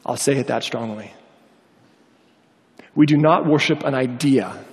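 Here the preacher speaks at a medium pitch and a little slowly, his words echoing as in a large hall. He animatedly shares a personal anecdote, acting out what each person said.

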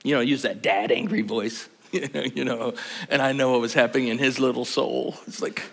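Older male pastor, bright forceful voice, animated humorous storytelling, long hall reverb. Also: medium pitch, moderate pace, gravelly, a little hiss or hum. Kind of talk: conference sermon. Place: large conference hall.

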